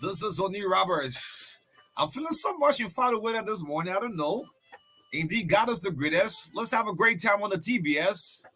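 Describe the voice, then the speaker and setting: A man with a Liberian English accent hosts a morning radio show in a casual, chatty way, full of fillers. His voice is bright and forceful and sits a little high for a man. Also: lively intonation, normal speed, soft background music. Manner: chatty, storytelling, loose with fillers and laughs. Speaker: radio breakfast show host. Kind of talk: casual radio talk, reading listener shout-outs.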